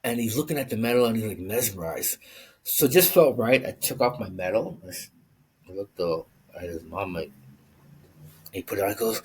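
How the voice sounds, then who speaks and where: A man with a somewhat low, husky voice tells a personal story straight to his viewers. He keeps it casual and animated, slipping into the voices of the people he quotes. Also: fairly quick. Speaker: vlogger.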